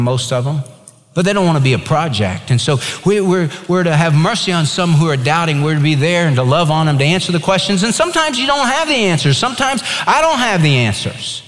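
A pastor preaching a sermon, reading scripture emphatically and telling stories. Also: male voice, on the high side, expressive, fairly quick, long reverb tail.

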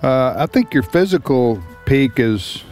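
A man's voice: medium pitch, expressive, darkish tone, faint music behind. A man hosting a radio talk show in a studio, chatting casually, often restarting words and joking. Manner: halting, repeats words, joking.

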